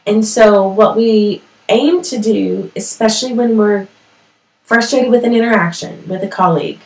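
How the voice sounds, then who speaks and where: A woman hosts a casual motivational talk from home, chatty and quick to laugh at herself. Her voice sits at an ordinary middle pitch. The room rings noticeably, and she sounds set back from the microphone. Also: echoey room, far from the mic, poor audio. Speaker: host of a parenting talk show.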